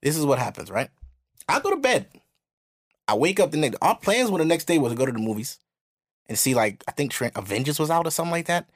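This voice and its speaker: A man from New hosting a podcast, telling a story in animated, profane casual chat. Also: fairly high pitch, fast talker. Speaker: podcast host.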